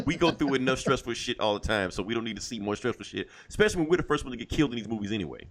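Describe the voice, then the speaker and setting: A man talking fast, with a lively, swinging pitch. He co-hosts a podcast and makes his points emphatically, with loose swearing and laughter. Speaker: podcast co-host. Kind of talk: casual chat.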